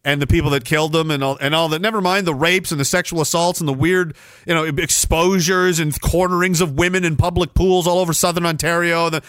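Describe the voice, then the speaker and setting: A Canadian man hosts a solo podcast rant, his high, sharp voice full of anger and sarcasm. He mocks the people he argues against in quick put-on asides. The sound is dry and close, with no room around it. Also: steady tone, smooth, no room sound. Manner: angry, sarcastic, mocking imitations. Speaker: podcast host. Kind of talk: ranting solo commentary.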